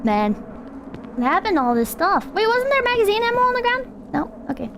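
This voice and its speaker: Very high-pitched and sing-song, a young woman speaks fairly quickly while streaming a game. Her casual commentary wanders into sarcasm and mock insults, and background noise can be clearly heard.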